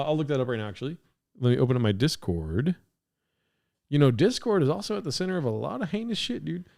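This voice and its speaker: Streaming his podcast from his apartment studio through a mixer setup, this host reads chat comments aloud in a rambling, profane way and laughs constantly. He has a gravelly voice pitched fairly high.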